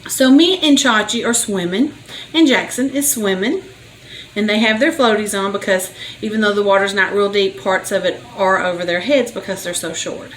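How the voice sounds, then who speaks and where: Here a mid-range female voice at normal speed belongs to an older woman making a casual cooking vlog in her home kitchen. Chatty and homey, she tells stories and laughs often, though the low-quality recording sounds roomy with slight background noise.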